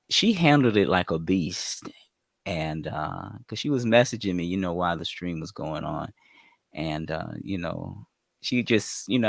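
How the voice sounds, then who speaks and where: A man who DJs, talking on a group call in a slow, measured way with many fillers. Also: deep voice, gravelly, no echo, studio quality. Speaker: streamer and DJ guest. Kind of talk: casual group call chat.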